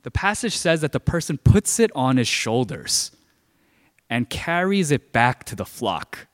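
A pastor delivers a sermon as a personal story, speaking conversationally and leaning heavily on the filler "like." His medium-pitched voice has a sing-song quality and runs a little slow. A long hall reverb surrounds the recording.

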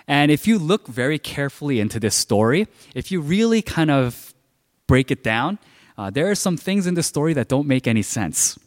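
A man's voice: a little high, big pitch swings, normal speed. A man preaching a sermon in a conversational storytelling way, with many filler words. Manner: conversational, heavy use of filler "like". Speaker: pastor. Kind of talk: sermon told as a personal story. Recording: long hall reverb.

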